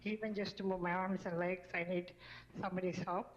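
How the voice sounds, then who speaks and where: A woman doctoral researcher giving a measured talk in short phrases on a panel, heard through a telepresence robot. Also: fairly low pitch, level tone, highs cut off, a little hiss or hum. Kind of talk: prepared talk.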